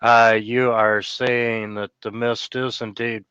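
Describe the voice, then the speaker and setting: A man's voice: mid-range voice, level tone, slow, few pauses, bright, forceful tone, smooth, dry recording, lo-fi sound. A man narrating as game master, hesitant and full of filler sounds. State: hiccups.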